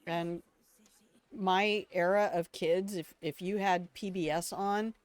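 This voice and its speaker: A woman's voice: lowish voice, steady tone, takes it slowly, dry recording. An older woman from Alabama streaming a game, chatting in a rambling, storytelling way to her viewers. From Alabama, United States. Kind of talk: casual let's-play commentary.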